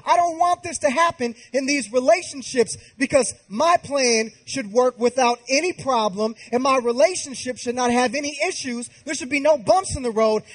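A man in his thirties preaching through a comic personal story, animated and slangy. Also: very high-pitched. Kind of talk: humorous sermon storytelling.

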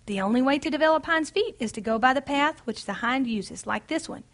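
A woman's voice: sits high, expressive, fairly quick, fairly bright tone. A woman voicing a kindly male shepherd who speaks cheerfully and reassuringly as she reads his lines from a book. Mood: gentle.

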